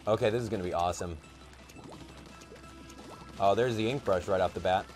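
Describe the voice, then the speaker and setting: A young man giving casual gameplay commentary, chatty and excitable, thinking aloud with plenty of fillers. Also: sits low, fairly quick, soft background music. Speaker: gaming YouTuber.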